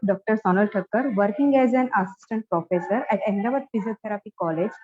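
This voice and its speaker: A woman's voice: mid-range voice, narrow, tinny audio. Formal Indian-accented woman host. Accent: Indian English. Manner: formal, reading a prepared introduction. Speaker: host introducing the speaker. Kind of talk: formal introduction.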